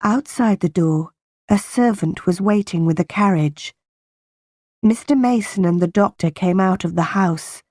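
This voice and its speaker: A woman narrating a simplified audiobook in a slow, plain and deliberate reading voice. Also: mid-range voice, darkish tone, no echo, studio quality. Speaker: audiobook reader.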